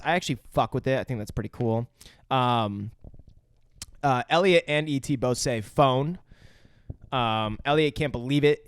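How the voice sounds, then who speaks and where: A man's voice: smooth, dry recording, clean studio sound. A man co-hosting a podcast, casually recapping a film with lots of swearing and acted-out quotes. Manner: swears a lot, acts out quotes in high voices. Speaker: podcast co-host. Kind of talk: casual movie recap chat.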